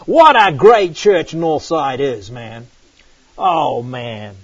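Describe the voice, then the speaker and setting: Middle-aged New Zealand man preaching in a church, husky, lively storyteller, dull lo-fi recording. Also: mid-range voice, drawn-out words, dry recording. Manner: animated, exclaiming "man" often. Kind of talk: sermon with personal storytelling.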